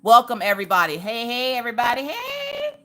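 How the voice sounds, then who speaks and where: A woman's voice: on the low side, expressive, fairly quick, sharp tone. A woman, chatting casually with her livestream audience from her couch at home while she crafts, laughing often and greeting viewers by name. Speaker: livestream host.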